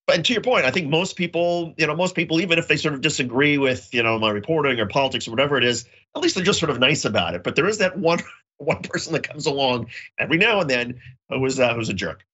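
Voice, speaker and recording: Bright-voiced man telling a story. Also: a little high, expressive, quick pace, breathy edge, muffled recording. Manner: storytelling, acts out quoted voices. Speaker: co-host. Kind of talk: casual podcast chat. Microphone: remote call.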